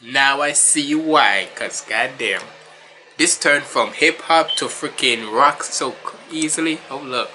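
A man's voice: mid-range voice, slow, rough recording. A man hosting a casual music reaction, talking in a laid-back, rambling way, sounding nasal and stuffy from a cold.

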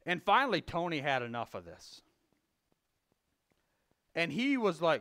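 Guy preaching like he's telling a work story, keeps restarting, goes loud then real quiet. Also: sits high, very animated, normal speed, long pauses. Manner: folksy storytelling with frequent restarts; swings between loud emphasis and quiet confession. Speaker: lay preacher. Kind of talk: conversational sermon.

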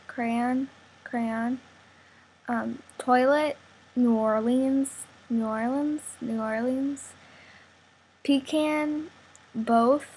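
A woman's voice: fairly high pitch, husky, low-quality recording. A young woman vlogging casually, reading out a word list and chatting loosely with lots of "like". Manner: casual, chatty, says "like" a lot, giggly.

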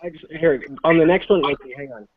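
A man's voice: a little high, over a noisy crowd. Joking man on a tinny video call. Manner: joking, laughs a lot, gives quick directions. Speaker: co-host on a live video call. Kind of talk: casual chat. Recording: phone-like video call line, faint noise.

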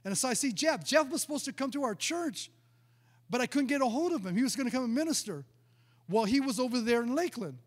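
A man's voice: very high-pitched, expressive, fast, big-room sound. A male pastor preaching a sermon, telling a personal testimony in a storytelling way, often stumbling and repeating words. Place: church sanctuary.

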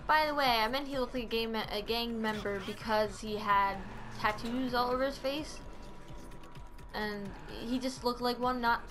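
A woman hosting a gameplay video, talking through the action in a chatty, giggly way with frequent laughs and playful outbursts. Her voice sits fairly high. Faint background noise hums under the commentary. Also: normal speed. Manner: excitable playful exclamations. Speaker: gaming channel host. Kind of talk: let's play commentary.

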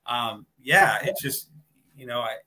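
A man's voice: medium pitch, measured pace, pushed and bright, a little hiss or hum, low-quality recording. A man co-hosting a podcast, enthusiastically retelling favorite movie scenes and laughing in casual chat. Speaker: podcast co-host.

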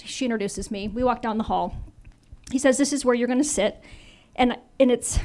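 A woman in her fifties giving a storytelling talk to an audience, animated and acting out dialogue as she goes. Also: fairly high pitch. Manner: animated, acts out quoted dialogue. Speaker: invited speaker.

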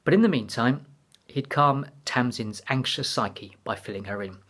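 Husky man reading a mystery. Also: mid-range voice, moderate pace, a bit bright. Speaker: author. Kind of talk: reading his novel aloud.

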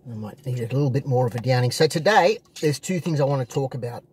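Sitting in his parked car, an Australian man delivers a casual vlog to his viewers against a noisy background. His mid-range voice is animated and rapid, with few pauses, as he meanders, says things twice, and leans on plenty of fillers.

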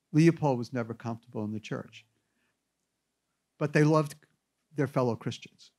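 A man giving an anecdotal classroom lecture, telling stories with wry asides. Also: mid-range voice. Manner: animated storyteller with wry asides.

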